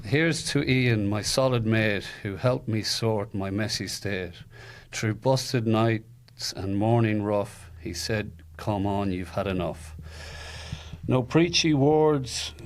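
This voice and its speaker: A man who is a podcast guest, talking in a soft-spoken, heartfelt way. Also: medium pitch. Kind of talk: casual conversation.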